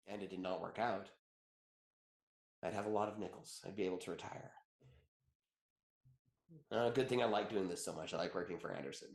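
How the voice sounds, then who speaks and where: A man's voice: fairly low pitch, vocal fry. Chatty joking man in an echoey room. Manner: chatty, joking, tells personal stories, laughs often. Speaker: attorney presenting a webinar. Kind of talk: conversational webinar presentation.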